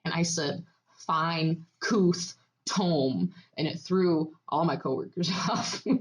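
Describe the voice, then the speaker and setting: A woman's voice: low-pitched, moderate pace. A woman co-hosting a podcast in casual chat, laughing often and swearing casually. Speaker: podcast co-host.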